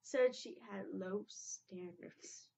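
A young woman hosting a reaction video, talking in a halting, emotional way with many restarts. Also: mid-range voice, vocal fry, mellow. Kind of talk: casual reaction commentary. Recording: dull lo-fi home recording.

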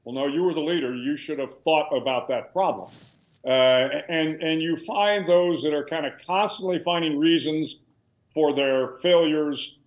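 A man's voice: fairly high pitch, normal speed. Man in his sixties, roomy sound. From United States. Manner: conversational, anecdotal, frequent restarts and fillers. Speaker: guest, retired admiral and author. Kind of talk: candid storytelling interview. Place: home room with a billiards table.

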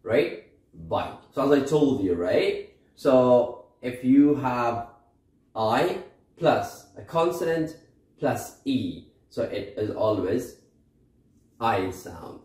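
Male teacher, slow careful explanation, echoey room. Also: mid-range voice, animated, a little mellow. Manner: slow explanatory teaching, frequent "okay?" and "right?" checks. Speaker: English teacher. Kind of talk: recorded online English lesson.

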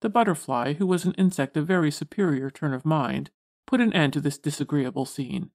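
A woman narrating an audiobook of a classic science storybook in a measured, formal reading style. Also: deep voice, a little mellow. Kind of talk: scripted narration.

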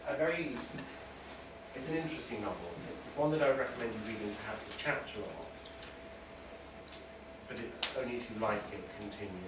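Guy teaching a lit class, joking around, roomy distant sound with lots of background noise. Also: on the low side. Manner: chatty, wry asides to the class. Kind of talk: classroom lesson. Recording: echoey classroom from far off.

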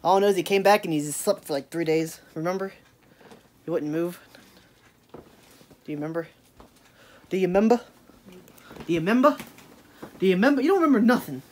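A woman's voice: on the low side, expressive, a little fast, long pauses. A woman, chatting in a casual, rambling vlog, full of laughing asides and "hashtag" quips. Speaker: daily vlogger.

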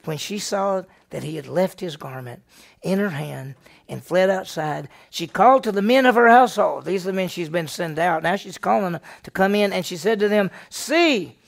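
Pastor, man, middle-aged, gravelly and a touch high, animated Bible-class teacher who quizzes his listeners. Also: moderate pace. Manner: animated, fires questions at the class and answers them. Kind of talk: Bible study lesson.

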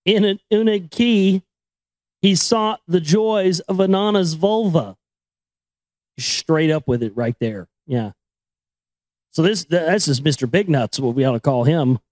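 A man's voice: on the high side, lively intonation, measured pace, long pauses, a little mellow, no echo, rough recording. A man reading a book aloud with casual commentary, often stumbling over names and correcting himself. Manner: stumbles over names and words, self-corrects, irreverent asides. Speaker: reader and commentator.

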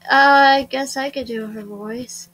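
A young woman co-hosting a casual let's-play, laid-back and a little tired, mostly short replies. Her voice is high and bright, with a crisp, clear edge. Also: fairly even intonation, a little slow, a little hiss or hum, low-quality recording. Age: young adult. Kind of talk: casual gaming chat.

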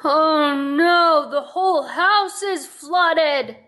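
Woman as a frantic dad doll, slow and bright, off-mic. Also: sits high, voice pushed down, exaggerated voice. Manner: slow, distressed.

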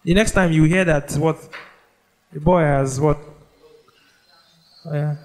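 A man preaching a sermon, leading the congregation in call-and-response and drawing out scripture phrases slowly. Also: fairly high pitch, fairly even intonation. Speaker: pastor. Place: church.

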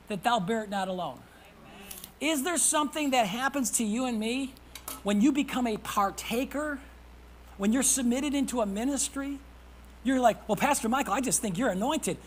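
A man preaching a sermon as pastor. He reads scripture aloud, calls out to the congregation for responses, and swings from hushed whispers to loud emphasis. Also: very high voice, normal speed, a little hiss or hum, poor audio. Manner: reads scripture in old-fashioned wording.

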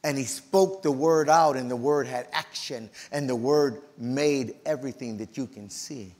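A middle-aged man preaching in a church, telling a personal story with emotional, animated delivery and loud outbursts. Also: mid-range voice, unhurried, few pauses, long reverb tail. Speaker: pastor. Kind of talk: storytelling sermon.

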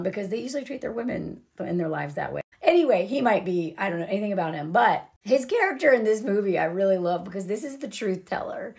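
A young woman giving a casual, sarcastic film recap, animated, and peppering her talk with "like" and "literally.". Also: mid-range voice, gravelly. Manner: animated, sarcastic, acts out characters' lines; frequent "like" and "literally" fillers. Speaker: vlogger.

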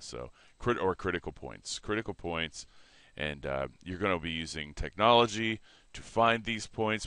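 A man teaching a math lesson in a relaxed way, correcting himself and explaining as he sketches on a board. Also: rumbling low, dry recording.

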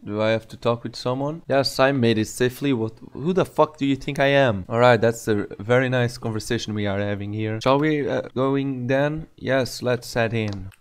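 A man giving profane, excitable, mocking commentary over his gameplay. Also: mid-range voice, normal speed, hardly any pauses, clear, resonant tone. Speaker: gamer.

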